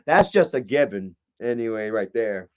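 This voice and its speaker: A man's voice: lowish voice, expressive, moderate pace. A man hosting a casual livestream, rambling, swearing freely and greeting viewers in the chat. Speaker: livestream host. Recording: muffled lo-fi stream audio.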